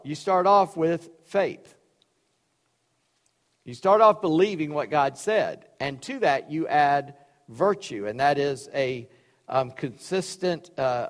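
Guy preaching in a big echoey church, kinda high voice, jokey folksy asides. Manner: folksy, joking asides between reading. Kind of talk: sermon with scripture reading. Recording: long reverb of a large hall.

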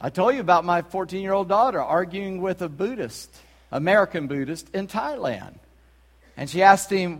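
High-voiced pastor preaching. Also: male voice, animated, moderate pace, vocal fry. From South Carolina. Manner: conversational, emphatic, rhetorical questions. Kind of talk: sermon. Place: church sanctuary. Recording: long church reverb.

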